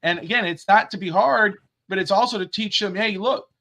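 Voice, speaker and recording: A man's voice: high-pitched, fairly quick, creaky. A middle-aged man co-hosting a casual sports talk show, telling stories and acting out what people said. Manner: animated storyteller, acts out quotes. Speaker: podcast co-host.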